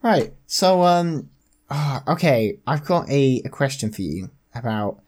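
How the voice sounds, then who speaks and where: A man's voice: mid-range voice, animated, a little slow, darkish tone. A young man in casual chat, rambling earnestly and trailing off into odd theories.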